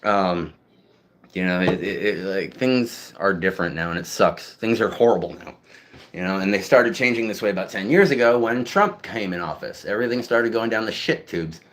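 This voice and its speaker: A man's voice: sits low, normal speed, fairly bright tone. A young man from New England chatting casually with his viewers, rambling and swearing, with many fillers. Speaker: streamer.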